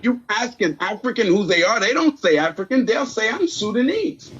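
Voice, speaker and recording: A man's voice: high voice, lively intonation, brisk, fairly bright tone, slightly rough, highs cut off. A man debating in a voice chat room, emphatic and insistent, often ending points with "right?". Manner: emphatic, keeps asking "right?".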